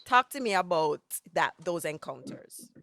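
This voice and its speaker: A woman's voice: on the low side, sing-song, measured pace, gravelly, fairly bright tone, no room sound, clean studio sound. A woman hosting a podcast interview, conversational and emphatic as she asks probing questions. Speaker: podcast host. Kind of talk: casual interview chat.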